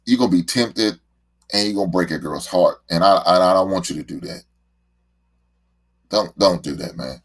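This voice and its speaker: A man's voice: sits low, normal speed, gravelly, pauses often. A middle-aged man, a show host and father, talking in a casual, heartfelt monologue and often repeating words as he rambles.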